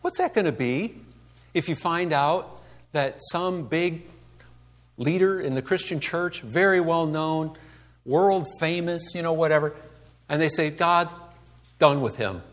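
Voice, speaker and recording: A man's voice: on the high side, a little slow. A man giving a conversational sermon to a congregation, asking rhetorical questions and acting out the complaints he quotes. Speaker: pastor.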